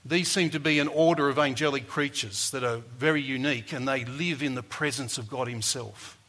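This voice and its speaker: A man preaching a sermon, rising to loud emphasis and falling back to soft, low lines. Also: fairly quick. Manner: dynamic, builds to loud emphasis then drops soft.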